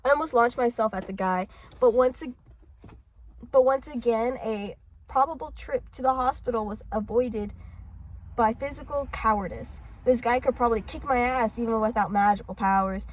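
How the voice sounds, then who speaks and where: A woman's voice: a little high, moderate pace, low-quality recording. A woman casually reading a novel aloud in a parked car, with stumbling restarts and swearing asides. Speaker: audiobook reader.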